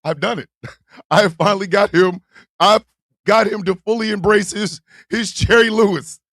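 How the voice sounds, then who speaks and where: A man hosting a live stream, talking loud and profane and laughing often. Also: high voice, normal speed, no echo, clean studio sound.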